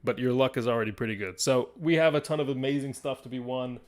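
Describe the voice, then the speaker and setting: A young man hosting a live stream as game master, swinging between hushed, suspenseful fantasy narration and excited chat with viewers. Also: mid-range voice, fast talker.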